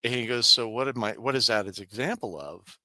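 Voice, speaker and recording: A man's voice: brisk, dry recording. A man co-hosting a podcast, telling a work story in casual chat, laughing often and acting out coworkers. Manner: animated storyteller, laughs often, acts out coworkers in higher voices. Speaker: podcast co-host.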